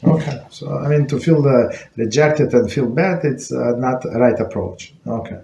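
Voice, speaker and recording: Halting man teaching a class in an echoey room. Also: mid-range voice, creaky, dark tone. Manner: halting, many fillers and restarts. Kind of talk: informal Torah lesson. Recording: echoey room with faint noise.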